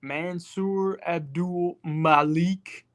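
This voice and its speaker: A man's voice: high-pitched, steady tone, extremely slow, a bit bright, no room sound. A young man hosting a show, answering chat questions in a slangy, profane, laid-back way. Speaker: podcast host reading live chat. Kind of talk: casual chat.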